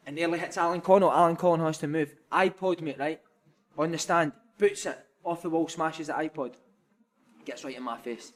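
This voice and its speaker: A man in his thirties spins a lively football story in loose, sweary chat. His voice sits a little high for a man, and he breaks into laughter often. He keeps peppering his sentences with "mate". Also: fairly quick. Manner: animated, laughing, sweary, says "mate" a lot. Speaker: podcast guest, former footballer. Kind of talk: casual storytelling, anecdote.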